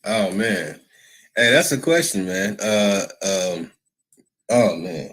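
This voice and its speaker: Low-voiced man hosting a livestream. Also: animated, slow pace, a bit bright, rough recording. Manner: loose, reactive, conversational. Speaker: livestream host. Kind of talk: casual livestream talk.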